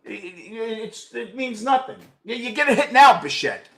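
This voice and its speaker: A sixty-something man with a New York accent rants through a postgame show, blunt and profane, breaking into shouts. His voice sits high for a man and has a bright, sharp edge. He answers viewers by name between complaints. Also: animated, moderate pace, creaky. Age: 60s. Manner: blunt, loud and swearing, often shouting. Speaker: host of a fan postgame show.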